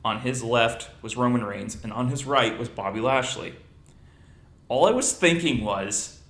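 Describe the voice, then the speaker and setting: A man's voice: medium pitch, unhurried, echoey room. A man hosting a podcast in casual chat, telling stories and joking. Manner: animated storyteller, jokey. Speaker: podcast host.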